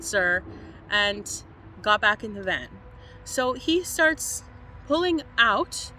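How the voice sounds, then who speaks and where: A young woman from Canada, a van-life vlogger, telling a story in an animated way and laughing often. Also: on the high side, slight background noise. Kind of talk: storytime vlog.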